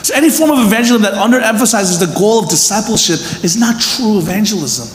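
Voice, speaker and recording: A man in his thirties, a pastor giving a sermon, earnest, swinging from emphatic peaks to soft, hushed stretches. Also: high-pitched, a little hiss or hum. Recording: echoey hall with long reverb, faint room ambience.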